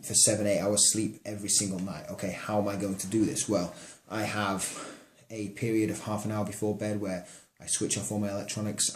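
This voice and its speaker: A man with a somewhat low voice delivers a casual advice monologue as a fitness coach. He talks directly to the listener and leans hard on his key points. The room around him is echoey. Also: darkish tone. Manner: emphatic, addresses the listener directly.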